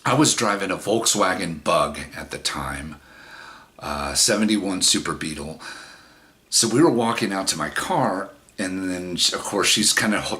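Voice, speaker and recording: Deep, bright-toned man telling a rambling story. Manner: rambling, frank and profane, with many restarts. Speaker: vlogger. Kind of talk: casual storytelling monologue.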